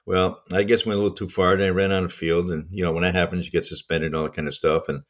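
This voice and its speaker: An older man, a podcast co-host and former baseball coach, telling anecdotes in casual conversation with frequent chuckles. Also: low voice. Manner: fast, lively anecdotes with chuckles.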